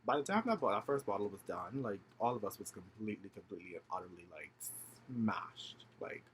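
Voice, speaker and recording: A man's voice: lowish voice, a little fast, a little hiss or hum. A young man casually telling a story to camera, full of fillers and slang, acting out the people he quotes. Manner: animated, acts out the people he quotes; filler-heavy slangy chatter, swears freely. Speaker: vlogger.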